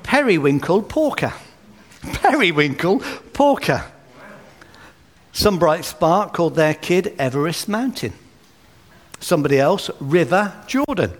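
A man preaching a sermon with gentle humor and anecdotes, at a baby's naming. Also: high voice. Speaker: pastor. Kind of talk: sermon at a baby dedication.

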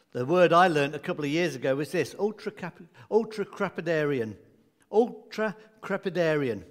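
A man preaching a sermon in a conversational, humorous way, with asides and jokes for his congregation. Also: a little high.

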